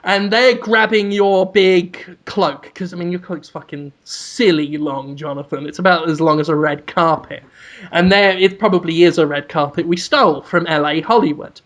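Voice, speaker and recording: Male co-host, high-pitched, animated comic storyteller who breaks into shouts. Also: moderate pace. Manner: animated, sweary, bursts into shouted mock proclamations. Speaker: podcast co-host. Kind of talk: casual comedic storytelling.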